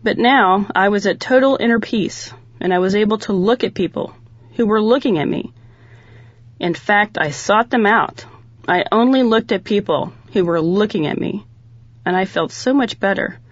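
Expressive woman reading a personal story. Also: normal speed, no echo. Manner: expressive, dramatic pitch swings. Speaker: reader of a personal testimonial. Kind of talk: first-person story read aloud. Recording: dull lo-fi, dry sound.

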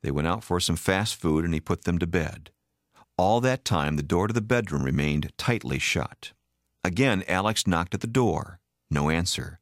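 A man reading a story aloud as an expressive audiobook narrator. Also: low-pitched, normal speed, no echo, clean studio sound.

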